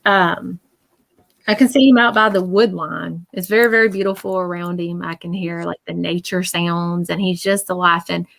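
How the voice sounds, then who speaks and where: A woman's voice: fairly low pitch, moderate pace, vocal fry. A woman working as a psychic medium in a live-stream reading, speaking earnestly and often emotionally. She relays messages in quoted speech and keeps checking in with "okay?". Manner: animated, emotional.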